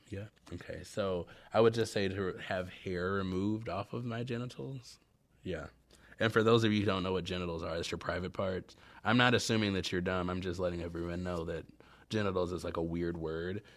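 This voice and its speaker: A man's voice: sits low, fairly bright tone. A man hosting his own podcast, chatting casually and telling candid, self-mocking stories in a rambling way. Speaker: podcast host. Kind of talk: casual solo podcast chat.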